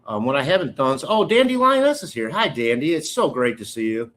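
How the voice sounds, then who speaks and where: Lively-voiced man hosting a rambling livestream. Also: mid-range voice, a little fast. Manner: rambling, candid, joking asides. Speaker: livestream host. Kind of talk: casual live chat with viewers.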